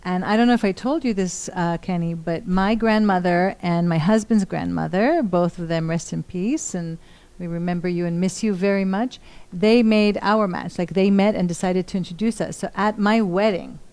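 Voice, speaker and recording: A woman's voice: on the low side, normal speed, clear, resonant tone. A woman co-host talking casually and personally about her family before singing. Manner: warm and personal, sharing a family story. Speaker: co-host and singer. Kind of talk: casual chat.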